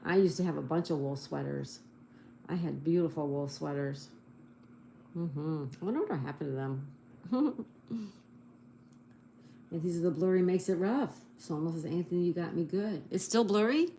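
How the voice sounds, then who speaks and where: Gravelly low-voiced woman, chatty livestream. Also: expressive, a little slow, long pauses, mellow, slight background noise. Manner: chatty, reads viewer comments aloud and spells answers letter by letter. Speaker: livestream host. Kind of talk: casual livestream chat. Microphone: phone.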